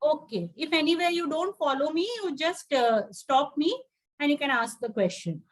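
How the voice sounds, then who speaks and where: A woman tutor teaching an online English class, reading a story aloud and explaining it line by line with patient pauses. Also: sits high, lively intonation. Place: home, on a video call.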